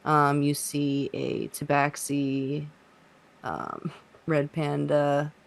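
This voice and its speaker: A woman's voice: deep voice, flat delivery, extremely slow, vocal fry. A woman game master who narrates a tabletop role-playing game casually, with many fillers.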